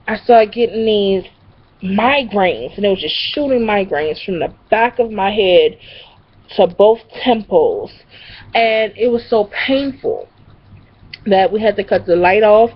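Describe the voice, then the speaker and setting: A woman's voice: medium pitch, husky. A young woman telling a casual story to her camera, rambling and profane, with lots of fillers. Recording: dull lo-fi recording.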